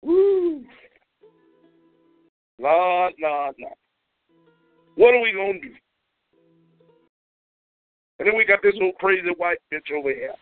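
A man hosting a call-in comedy show, ranting loudly and profanely with whooping shouts, heard over a tinny phone line. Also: high-pitched, expressive, measured pace, long pauses, dry recording, faint music behind. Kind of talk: comedic call-in radio rant.

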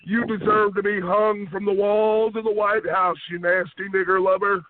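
High-voiced man ranting over a phone line. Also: little pitch movement, moderate pace, a little hiss or hum. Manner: hostile, repeats chanted taunts over and over. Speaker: caller on a group phone line. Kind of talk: aggressive prank-call ranting.

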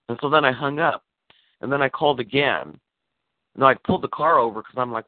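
A man on a call, telling a story in casual chat, animated and swearing, acting out the lines he quotes. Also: mid-range voice, a little fast, no room sound. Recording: tinny phone line.

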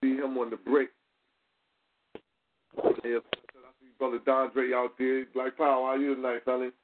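A man hosting a call-in show, animated, laughing and greeting callers by name. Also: mid-range voice, a little slow, background noise. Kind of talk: casual call-in chat. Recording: phone-like lo-fi call audio.

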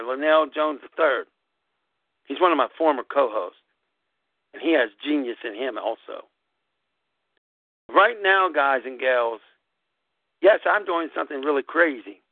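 A man hosting a live podcast, giving an emphatic, preachy motivational talk that repeats phrases and swings sharply up and down in pitch. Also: dry recording. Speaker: host of a gaming club podcast. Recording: dry, tinny phone-like audio.

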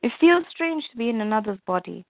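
A woman voicing a gentle plant creature living in a man's body, speaking earnestly in a comic read-aloud. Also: on the high side, expressive, brisk, no echo. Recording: tinny phone-like dry sound.

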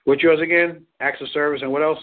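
A man's voice: a little high, fairly even intonation, fast. Rambling man on a tinny phone line. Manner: rambling, repeats words, laughs often. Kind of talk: casual advice chat.

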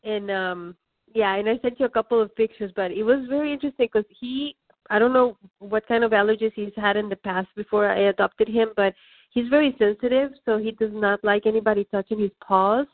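A woman's voice: medium pitch, fairly quick, dry recording. Female student, chatty and hesitant, over a dry tinny phone line. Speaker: student sharing her practice. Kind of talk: casual chat on a phone call.

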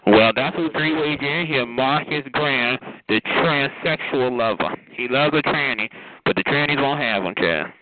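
A man calling into a phone chat line, trading sassy, drawn-out insults in a heated conversation. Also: medium pitch. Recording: tinny noisy phone line.

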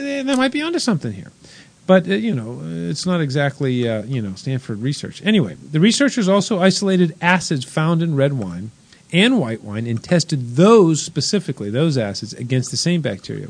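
A man hosting a casual chat show, reading out wine news with wry jokes and frequent laughter. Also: medium pitch. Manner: wry, joking, laughs often. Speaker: host.

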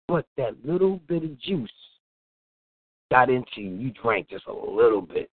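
A man's voice: mid-range voice, very animated, unhurried, dry recording. A man hosting a radio show, giving casual, preachy talk in a colloquial manner and laughing often. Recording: tinny phone-like line, dry.

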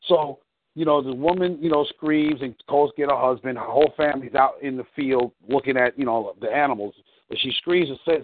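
A man's voice: mid-range voice, brisk. A male coach on a coaching call, rambling through a story with many fillers. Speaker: life coach. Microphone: phone call. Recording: tinny phone line.

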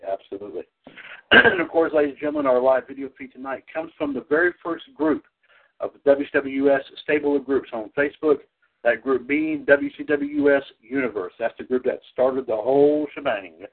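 A man hosting a wrestling call-in podcast, rambling with many restarts and repeated "ladies and gentlemen". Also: medium pitch, expressive, normal speed. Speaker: podcast host. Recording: tinny phone-line audio.

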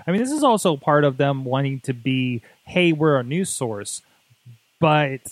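This podcast co-host talks about tech in a loose, jokey ramble full of filler words. His medium-pitched voice is animated and moves at a normal pace, with no echo on the recording.

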